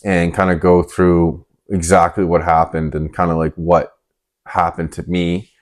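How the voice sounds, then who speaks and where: A man's voice: sits low, flat delivery, measured pace. A young man co-hosting a podcast in casual chat, laid-back and hedging with "kinda" and "right?". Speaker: podcast co-host.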